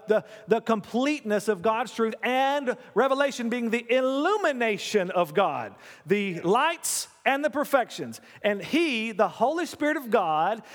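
A man's voice: very high voice, big-room sound. A man preaching a sermon in a church, talking conversationally, coaxing the congregation and repeating key lines.

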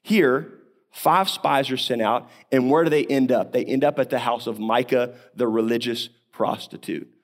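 In a medium-pitched voice and at a moderate pace, a pastor preaches on a Bible passage. He keeps it conversational, leaning on rhetorical questions and coughing every so often.

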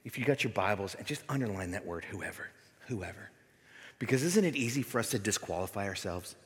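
A middle-aged male pastor giving a sermon, moving between loud, emphatic preaching and soft, near-whispered passages. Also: lowish voice, normal speed. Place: church sanctuary. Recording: long hall reverb.

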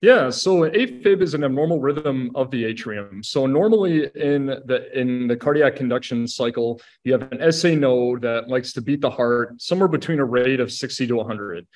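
A middle-aged man with a voice of ordinary pitch talks through a medical topic for fellow paramedics. He explains things steadily and methodically, sprinkling in "you know" as he goes. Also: lively intonation, moderate pace, hardly any pauses, a little mellow. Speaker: assistant medical director. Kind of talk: educational podcast discussion.

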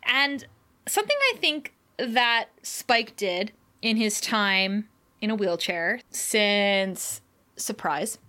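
A woman co-hosting a casual podcast, recapping a TV episode in lively, laugh-filled chat and swearing casually. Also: mid-range voice, slow. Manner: animated, laughs often, acts out quotes.

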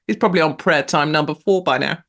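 Rambling casually through her monologue as host of a show, this woman laughs a lot and sends her pitch jumping sharply for emphasis. Her tone comes across a bit bright.

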